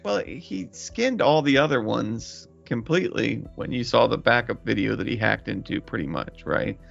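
A man's voice: medium pitch, lively intonation, moderate pace, vocal fry, fairly bright tone, muffled recording, soft background music. A man co-hosting a podcast, laughing often and teasing skeptically in casual chat. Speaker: podcast co-host.

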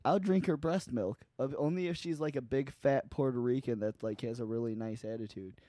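A man's voice: mid-range voice, brisk, warm tone, no echo. A young man chatting crudely on a podcast, rambling with restarts and laughs. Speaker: podcast co-host. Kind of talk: crude casual chat.

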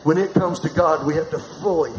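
A man's voice: on the high side, brisk, a little mellow. A middle-aged man preaching a sermon, calling on the congregation to answer back. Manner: preaching with call-and-response to the congregation. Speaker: pastor. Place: large church hall. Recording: echoey church hall with noise.

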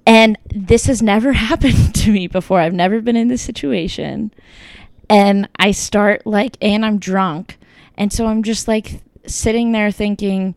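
Young woman, chatty storyteller, filler-heavy and animated in quotes; clean, dry read. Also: mid-range voice, a little slow, dry recording. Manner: chatty, lots of "like" and "kinda", quoting others in lively bursts. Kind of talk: casual storytelling chat.

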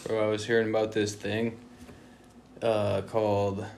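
A man's voice: lowish voice, little pitch movement, measured pace, darkish tone, a little hiss or hum. A young man hosting a casual podcast chat, laid-back and rambling, full of slang. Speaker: podcast host.

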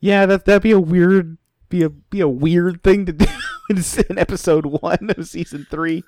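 A man's voice: sits high, steady tone, moderate pace, a little mellow, dry recording, clean studio sound. A man co-hosting a casual TV recap podcast. He talks hesitantly and chuckles now and then. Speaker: podcast co-host. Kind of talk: casual chat.

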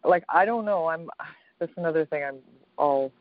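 A woman with a fairly low voice chats reflectively and laughs easily, often ending her thoughts with a tag question. The sound is dull and lo-fi and completely dry. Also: normal speed, dry recording. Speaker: podcast co-host, author. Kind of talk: casual conversation.

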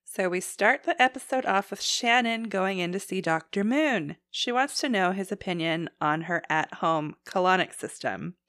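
A woman from Canada co-hosting a podcast, recapping episodes in casual chat and loudly acting out quotes. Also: mid-range voice, normal speed, few pauses, no echo, studio quality. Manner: animated, acts out quotes loudly. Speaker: podcast co-host.

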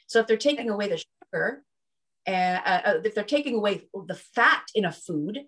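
Woman guest chatting away, keeps tossing in "right?" and "you know", mid pitch. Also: lively intonation, normal speed, a bit bright. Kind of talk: casual interview storytelling.

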